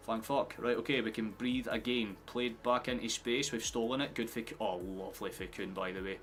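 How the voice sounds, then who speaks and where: A man's voice: fairly low pitch, fairly quick, few pauses, soft background music. A young Scottish man live-streaming his reactions to a football match, chatting to viewers and swearing freely. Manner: excitable, swears often, erupts into shouting at goals.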